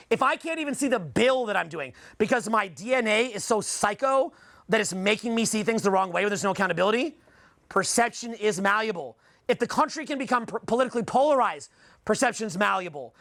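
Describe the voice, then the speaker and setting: Canadian man in his 40s, seminar speaker: blunt, profane, gravelly edge, very high voice for a man. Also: a bit bright, dry recording. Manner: profane, blunt, rhetorical questioning of the audience. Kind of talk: live seminar talk to a room.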